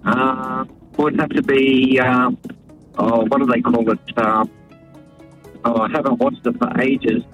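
A man's voice: mid-range voice, little pitch movement, unhurried, long pauses, muffled recording, faint music behind, close to an everyday voice. A man faking a nasal teenage boy. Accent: Australian. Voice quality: slightly nasal. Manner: hesitant, stalling with fillers. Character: teenage boy, a father's put-on son. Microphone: phone line.

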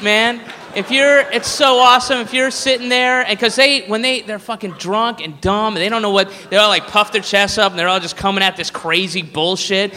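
Profane stand-up comedian. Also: male voice, sits high. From Southern US. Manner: profane, rambling, animated. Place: live comedy venue. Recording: reverberant hall with crowd noise.

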